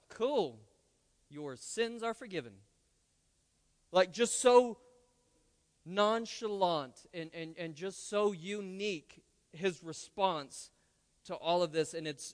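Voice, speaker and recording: A male pastor with a notably high voice delivers a conversational sermon full of playful asides. The sound carries a long reverb from the church sanctuary. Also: fairly bright tone.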